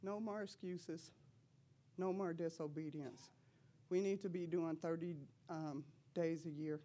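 A woman's voice: fairly low pitch, fairly even intonation, measured pace, dark tone. A woman speaking at church, giving an emphatic personal testimony sermon in a casual, slangy way and laughing often between her lines. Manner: casual, slangy preaching talk.

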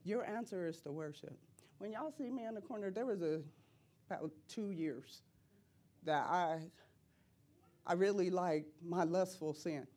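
A middle-aged woman giving an impassioned preaching testimony in church, repeating phrases and rising to loud cries. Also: fairly low pitch, a little slow, pauses often.

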